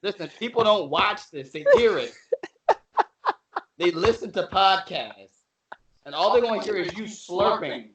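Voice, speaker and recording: A man chats on a podcast, ribbing his co-hosts with mock outrage. His voice sits a bit high and swings freely up and down as he jokes. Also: expressive, a little slow, pauses often, fairly bright tone, poor audio. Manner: joking, teasing, playfully indignant. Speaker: podcast co-host. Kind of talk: casual chat.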